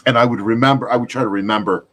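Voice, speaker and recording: A man hosting a casual chat, telling a gig story in an animated way. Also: medium pitch, racing. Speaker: podcast host.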